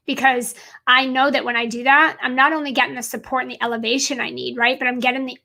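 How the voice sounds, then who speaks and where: A woman's voice: a little high, gravelly, sharp tone. A woman business coach giving an emphatic motivational talk to camera, repeating her points and calling her viewers guys.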